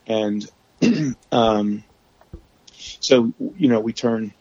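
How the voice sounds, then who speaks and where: A man guest telling his story candidly on a podcast, halting often with restarts and fillers, over remote call audio. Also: on the low side, a little mellow, breathy edge, no echo, dull audio.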